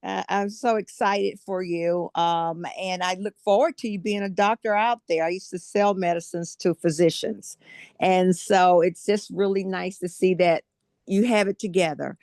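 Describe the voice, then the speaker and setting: Older woman, South Carolina native, co-host. Slow, encouraging and chatty, on a dry close mic. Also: lowish voice, steady tone, darkish tone, dry recording. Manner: slow, drawn-out and encouraging, laughs often. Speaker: podcast co-host. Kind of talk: warm casual interview chat.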